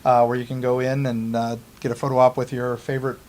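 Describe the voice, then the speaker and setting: A man's voice: medium pitch, little pitch movement, quick pace, a little mellow. A man talking casually as a guest in a studio interview, rambling with many fillers. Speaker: haunt organizer guest.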